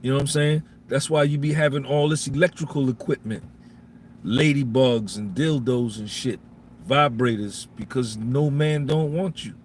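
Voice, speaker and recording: A man's voice: mid-range voice, normal speed, a little hiss or hum. A man hosting a live podcast, giving a blunt, profane monologue and repeating his points for emphasis. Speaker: podcast host.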